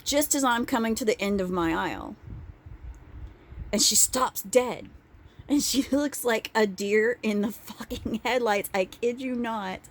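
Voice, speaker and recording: A young woman telling a casual vlog story, animated and profane, with laughing asides. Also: a little high, unhurried. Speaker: vlogger.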